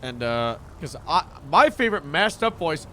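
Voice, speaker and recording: Streaming a game, a man chats casually and laughs at his own remarks, clearly amused with himself. His voice is on the high side with big pitch swings, a moderate pace, and a slightly bright tone, over a little background noise.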